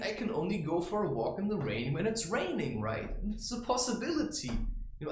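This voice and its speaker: A blunt, profane man rambles through a spiritual monologue in a fairly high voice that swoops up and down. His talk is heard in an echoey room with faint ambient noise behind him. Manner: blunt and profane, with frequent "right?" and "you know". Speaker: creator sharing spiritual advice. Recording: roomy echo with faint ambience.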